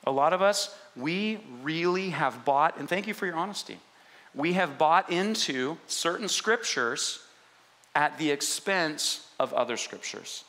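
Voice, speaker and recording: A man pastor preaching a sermon in an animated, conversational way, often asking the congregation questions. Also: on the high side, unhurried.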